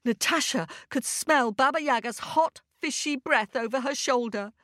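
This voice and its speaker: A woman's voice: high voice, moderate pace, sharp tone, no echo, clean studio sound. A woman telling a children's story aloud, asking the young listeners questions and making sound effects.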